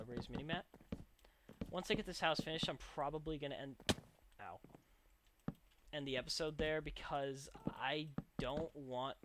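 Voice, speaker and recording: A young man rambling through casual gameplay commentary as a let's play host, with chatty, self-mocking asides. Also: a little high. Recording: noisy home recording with clicks.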